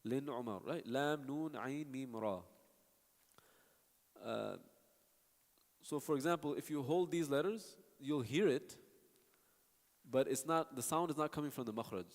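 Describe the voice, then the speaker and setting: A man with an expressive mid-range voice, at normal speed and pausing often, teaches recitation in a long-reverb hall. His classroom talk is patient, broken up by sound demonstrations and answers to students.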